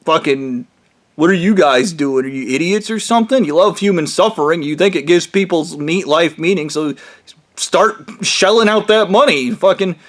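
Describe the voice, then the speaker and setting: A man's voice: fairly high pitch, moderate pace. Man on a heated, rambling profane rant. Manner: rambling, heated, swears constantly. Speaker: vlogger.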